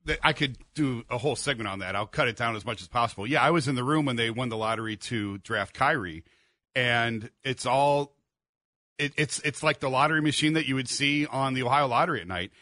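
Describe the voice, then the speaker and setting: Sports reporter guy on radio, explains stuff in detail, bright voice, dead dry studio. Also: mid-range voice, brisk, dry recording. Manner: explanatory, chatty, talks through details. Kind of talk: sports talk radio banter.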